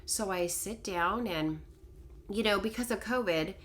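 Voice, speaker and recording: A middle-aged woman telling a personal story to camera in a casual, animated, self-deprecating way. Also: mid-range voice, unhurried. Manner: animated, self-deprecating, quotes others in dialogue. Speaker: vlogger telling a life story.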